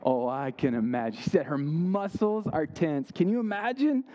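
A man's voice: a little high, animated, moderate pace, mellow. A young man giving an interactive sermon, quizzing his listeners and making playful asides. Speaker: youth camp speaker.

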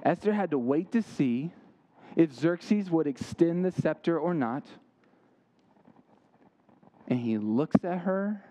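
Energetic man preaching to a youth crowd. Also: a little high, slow pace, long pauses. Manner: energetic, quizzing the audience, playful asides. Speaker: youth camp speaker. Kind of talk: interactive sermon.

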